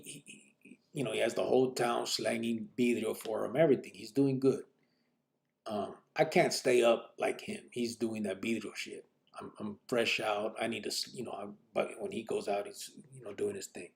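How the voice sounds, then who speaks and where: A man's voice: on the low side, steady tone, moderate pace, vocal fry. A man telling his own story on a podcast in casual street slang, rambling with many fillers and acting out other people's lines.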